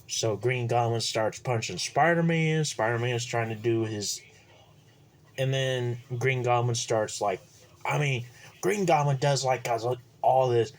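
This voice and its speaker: A man recapping a movie plot casually, rambling and halting with lots of fillers. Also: mid-range voice. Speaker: movie reviewer.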